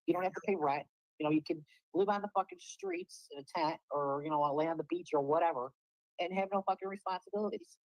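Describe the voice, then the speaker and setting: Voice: mid-range voice, big pitch swings, fast talker, dry recording, rough recording. A guest in a casual livestream chat, ranting sarcastically with heavy swearing.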